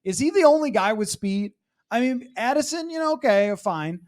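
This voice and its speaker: A man's voice: very high-pitched, lively intonation, moderate pace, darkish tone. A man hosting a sports podcast round table in a chatty, wry way, putting questions to his guests. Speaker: podcast host.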